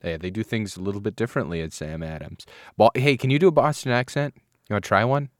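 A man's voice: on the low side, quick pace, no echo, studio quality. A man co-hosting a casual beer-tasting podcast, joking, rambling and laughing often. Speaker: podcast co-host. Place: indoor recording studio.

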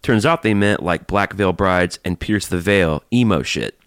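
A man from Alabama co-hosts a casual podcast, reading listener mail aloud and trading jokes. His voice sits fairly low. The sound is close and dry, with no room around it. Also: unhurried, no echo. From Alabama, USA. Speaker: podcast co-host.

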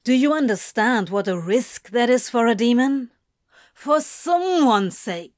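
A woman's voice: on the high side, lively intonation, measured pace, dry recording, studio quality. Woman voicing a bitter, cursing male demon. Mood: anguished. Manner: bitter, raw, louder than the narration, clipped curses. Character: anguished, swearing male demon, worn out. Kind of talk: audiobook reading of fan fiction.

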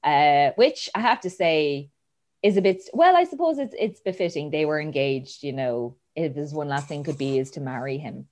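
A woman with a low voice talks casually as a host, walking through a film's plot. She acts out the characters' lines with plenty of energy and laughs often along the way. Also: lively intonation, moderate pace, a little mellow. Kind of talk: casual chat retelling a film plot.

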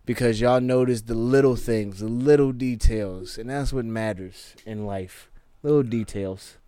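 A man's voice: medium pitch, a little slow, mellow, clean tone, no echo. A man co-hosting a podcast in casual, slangy, laid-back chat, telling stories and thanking listeners. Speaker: podcast co-host.

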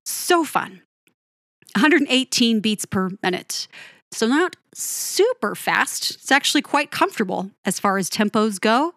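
A woman's voice: mid-range voice, dry recording. A young woman talks through a song breakdown in an upbeat, chatty way, laughing often as she goes. Her voice sounds a bit froggy and short of breath after exercise. The recording is close and dry, with no room sound. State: winded and a little froggy after a run. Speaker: music podcast host. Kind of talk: casual solo music analysis.

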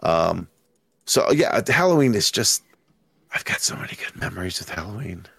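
A man's voice: low voice, big pitch swings, normal speed, vocal fry, fairly bright tone, husky, no echo. A man talking as a guest on a casual podcast, rambling loosely and swearing freely into a podcast microphone. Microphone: podcast microphone with headphones.

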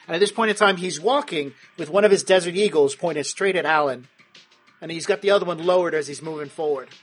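A man's voice: a little high, fast talker, slightly rough, soft background music. A man narrating a tabletop game as game master, in a crude, vivid way.

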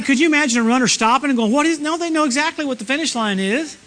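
A middle-aged man preaching a sermon at a church service, animated, swinging from loud exclamations to low murmurs. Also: fast, few pauses, a little hiss or hum. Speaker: guest preacher.

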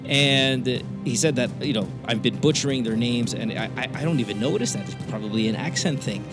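A man's voice: medium pitch, brisk, over loud music. A man with a Western, almost Americanized accent, hosting a podcast in casual, profane, argumentative chat with many stammered restarts. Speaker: podcast host.

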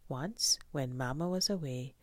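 A woman whispering a children's storybook aloud in a soft, gentle voice, as whispered role-play. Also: rumbling low, unhurried, dry recording.

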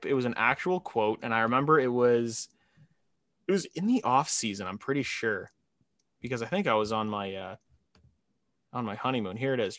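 A young man co-hosting a casual sports podcast, animated, laughing often and mimicking quotes. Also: mid-range voice, no room sound. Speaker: podcast co-host.

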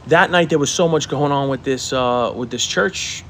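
A man's voice: mid-range voice, normal speed, slight background noise. A man in his forties co-hosting a podcast, telling rambling stories in casual chat, swearing often and acting out what people said. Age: 40s. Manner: rambling storyteller, swears a lot, acts out quotes loudly. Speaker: podcast co-host.

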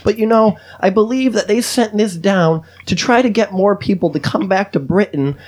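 A man putting on a high, sugary woman's voice as a conspiracy-minded caller in a comedy bit. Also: normal speed, darkish tone. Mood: sweet, earnest. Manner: sugary, over-polite falsetto.

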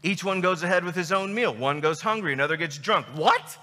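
A man's voice: sits high, fast talker, bright, forceful tone, big-room sound. A man preaching a sermon as pastor, emphatic and emotional, full of rhetorical questions.

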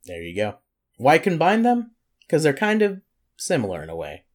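A man's voice: fairly high pitch, huge pitch swings, moderate pace. A young man co-hosting a casual comedy podcast, rambling with many fillers and frequent laughter. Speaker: podcast co-host.

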